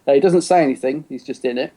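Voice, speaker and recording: A man co-hosting a podcast, chatting loosely and laughing now and then. His voice sits mid-range but sounds soft and mellow rather than bright. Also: mid-range voice, quick pace. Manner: chatty, rambling, laughs often. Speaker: podcast co-host. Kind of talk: casual chat.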